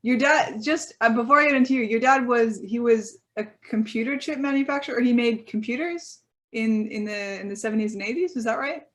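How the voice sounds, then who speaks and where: Woman, podcast host, casual chat, playful and teasing, higher voice. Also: a little fast, fairly bright tone. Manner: playful, teasing, laughs easily.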